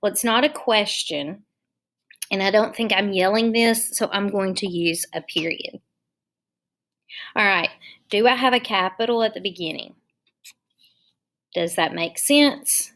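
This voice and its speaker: Speaking at a medium pitch with a fairly bright tone, a woman dictates sentences at a slow pace to young children online, breaking words down letter by letter.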